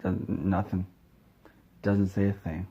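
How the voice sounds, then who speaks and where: A man telling an absurd comedy story in a deadpan, rambling way, correcting himself as he goes. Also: deep voice, takes it slowly, husky, lo-fi sound. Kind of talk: absurd comedic story told straight-faced.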